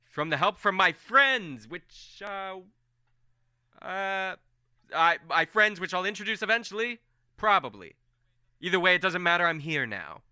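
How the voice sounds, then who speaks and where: A man's voice: medium pitch, moderate pace, bright, forceful tone, clear, resonant tone, no room sound, studio quality. A man voicing an overeager, deluded young man who rambles nervously about becoming king. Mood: overconfident.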